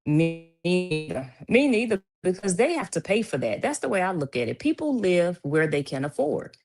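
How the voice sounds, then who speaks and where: A woman's voice: on the low side, very animated, a little fast, a little mellow, husky, faint music behind. A woman hosting a casual livestream from home, reading viewers' comments aloud, chatty and laughing often. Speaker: livestream host.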